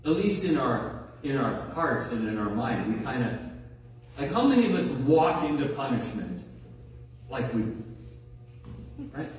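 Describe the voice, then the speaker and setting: A man's voice: mid-range voice, very animated, a little slow, pauses often. A male pastor preaching a conversational sermon, stressing key words and checking in with his listeners. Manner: conversational, emphatic, checks in with audience. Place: large hall or sanctuary. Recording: echoey hall recorded from far off.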